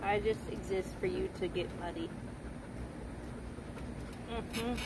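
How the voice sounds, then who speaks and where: A woman's voice: medium pitch, slow, creaky, heavy background noise. A woman streamer talking casually to her dogs outdoors, cooing at them in baby talk.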